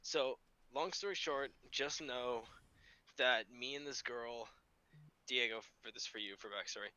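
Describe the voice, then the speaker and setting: A teenage man hosting a casual podcast and telling a story in an animated way, swearing freely. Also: medium pitch, measured pace, clean tone, dry recording. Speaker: podcast host.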